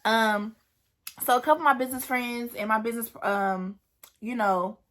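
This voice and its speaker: A woman's voice: a little high, steady tone, normal speed, a bit bright. A young woman, chatting casually to camera about starting her business, with lots of asides to her viewers. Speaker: vlogger and new business owner.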